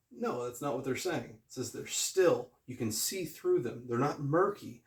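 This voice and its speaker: A man's voice: medium pitch, lively intonation, normal speed, hardly any pauses, heavy background noise. A man giving a casual video Bible lesson, conversational and emphatic, often repeating phrases as he explains. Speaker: Bible teacher. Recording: echoey room.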